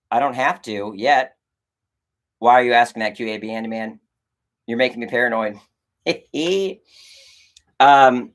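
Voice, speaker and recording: Animated rambling man on a livestream. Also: mid-range voice. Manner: animated, rambling, swears, acts out quoted exchanges. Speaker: filmmaker answering chat on a livestream. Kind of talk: casual livestream chat.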